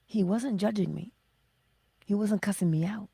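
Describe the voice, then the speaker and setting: A middle-aged woman hosting a motivational livestream, speaking slowly and emphatically and often dropping to a breathy whisper. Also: mid-range voice, dark tone, no room sound. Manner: acts out her own self-talk in little voices. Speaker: livestream host.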